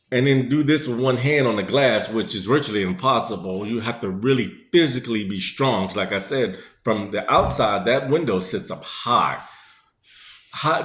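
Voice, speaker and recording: A man's voice: mid-range voice, a bit bright. A man casually telling a personal story in a rambling, conversational way, full of fillers. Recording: echoey room.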